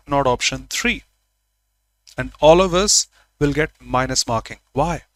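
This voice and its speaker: Teacher, higher voice, dry sound. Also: male voice, a bit bright, no echo, rough recording. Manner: explains by repeating example phrases, answers viewers by name. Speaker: English grammar teacher. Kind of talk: live online class.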